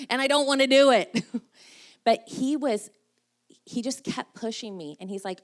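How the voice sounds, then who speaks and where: A woman's voice: a little high, unhurried, long pauses. A middle-aged woman giving a casual, self-deprecating talk at a church women's breakfast, laughing often as she speaks. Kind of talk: casual sermon.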